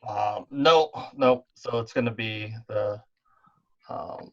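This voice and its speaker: A man's voice: fairly low pitch, slow, fairly bright tone. Rambling man game master, dull call audio. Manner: rambling, lots of fillers and restarts. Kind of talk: running an online tabletop game. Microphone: online voice call.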